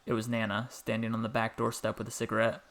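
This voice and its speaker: A young adult man narrating a scripted story in a calm, measured, softly spoken way. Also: on the low side.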